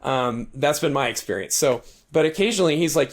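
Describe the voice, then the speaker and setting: This talkative guest author spins a lengthy tale during an interview, often restarting and wandering into asides. He speaks fairly quickly with few pauses, animatedly acting out quotes with changes in pitch.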